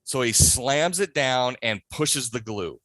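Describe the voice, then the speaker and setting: A man in a casual podcast interview, telling a backstage prank story with animated delivery and acting out the other people's voices. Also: mid-range voice, slow pace, dry recording. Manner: animated, acts out voices in his stories. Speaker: podcast guest, haunt scare actor.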